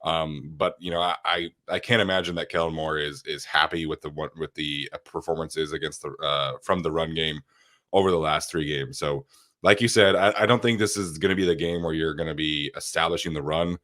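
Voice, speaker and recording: Sick male podcast host: deep, stuffy and nasal, easygoing, lots of ums. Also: brisk. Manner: relaxed, with frequent fillers. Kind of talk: casual sports podcast chat.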